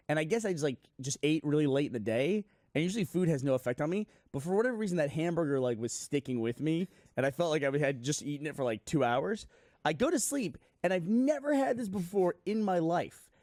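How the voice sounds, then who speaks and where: Chatty guy on a podcast, talks fast, slightly high voice, dry close sound. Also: animated, darkish tone, dry recording. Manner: chatty, laughs at his own story. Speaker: podcast regular. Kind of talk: casual storytelling. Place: podcast studio.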